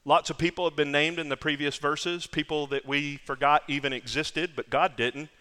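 A man's voice: on the high side, steady tone, moderate pace, pushed and bright, clean tone, long reverb tail. A man preaching a sermon as pastor, emphatic, repeating phrases for stress.

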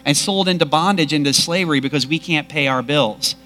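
A man's voice: fairly high pitch, a little fast, bright, forceful tone. A man voicing a distraught widowed mother who rambles frantically about her troubles. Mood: complaining.

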